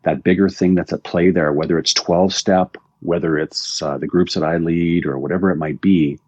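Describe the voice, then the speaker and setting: Very deep husky man, rambling. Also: steady tone, normal speed, darkish tone, no room sound. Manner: rambling storyteller, repeats words. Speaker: guest, recovery coach. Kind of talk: casual interview talk. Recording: dull dry lo-fi audio.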